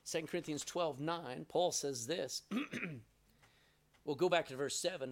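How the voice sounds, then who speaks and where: Here a middle-aged pastor's voice runs on the high side and moves a little slowly. He delivers a sermon built around stories, voicing the quoted lines in different tones.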